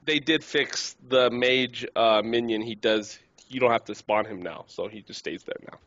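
Man co-host, middle pitch, hesitant and self-deprecating; muffled home-mic audio. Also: normal speed, fairly bright tone, no echo. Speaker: podcast co-host. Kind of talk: casual gaming podcast chat.

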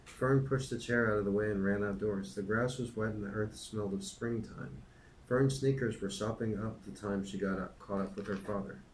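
Relaxed man with a low voice. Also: normal speed, noisy background. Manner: relaxed, hesitant, many fillers. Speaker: podcast host reading a book aloud. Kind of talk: casual chat and reading aloud.

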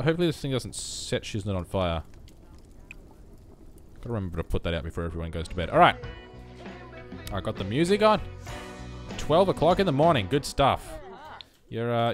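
A man's voice: fairly low pitch, big pitch swings, brisk, pauses often, soft background music. A young man chatting casually over a life-sim game, talking to his characters and poking fun at himself. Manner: chatty, self-mocking, talks to his characters. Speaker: gameplay commentator. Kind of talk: casual let's-play commentary.

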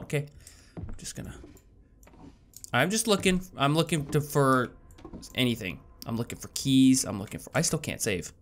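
A man giving horror game commentary, jumpy and nervous, muttering to himself with sudden loud yelps. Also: mid-range voice, vocal fry, slight background noise. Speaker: gaming YouTuber.

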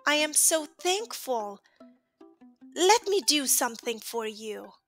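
A woman reading aloud, voicing a big, gentle bison in a storybook, speaking softly and sadly. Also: sits high, big pitch swings, slow, soft background music, full character voice. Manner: sad, gentle.

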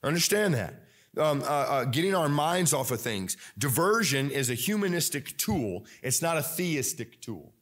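A man preaching a sermon as pastor. He talks in a conversational, animated way, with many fillers and restarts. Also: fairly high pitch, normal speed.

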